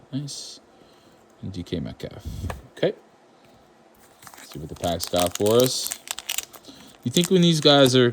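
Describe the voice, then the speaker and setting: A faint hiss or hum sits under this fairly low-pitched man's voice. Born in Ireland, he runs his own channel, opening trading card packs with easygoing, wry chatter, meandering asides and playful outrage.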